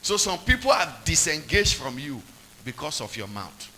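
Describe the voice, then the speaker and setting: A man's voice: on the high side, sing-song, normal speed, sharp tone, slight background noise, rough recording. A man preaching a sermon, repeating points and quizzing the congregation with call-and-response questions.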